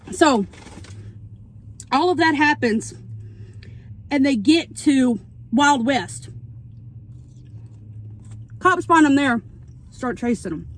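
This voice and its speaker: High-voiced woman rambling a plot recap. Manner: rambling, animated, acts out quotes. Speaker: vlogger. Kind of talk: casual mukbang plot recap. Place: in a parked car. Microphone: phone camera.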